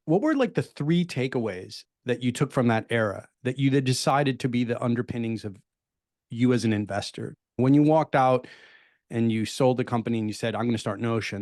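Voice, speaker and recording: A man's voice: mid-range voice, a little fast, darkish tone, no echo, studio quality. A man hosting a podcast, building up long, layered questions for his guest. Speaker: podcast host. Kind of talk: interview questions.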